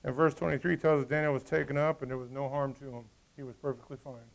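A man preaching a sermon in an animated way, acting out the story's characters as he goes. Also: medium pitch, fast, vocal fry. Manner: animated, acts out voices of the characters. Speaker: pastor.

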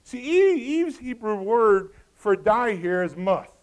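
A man preaching a sermon, lively and folksy, throwing joking asides to the congregation. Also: high-pitched, slow pace, smooth.

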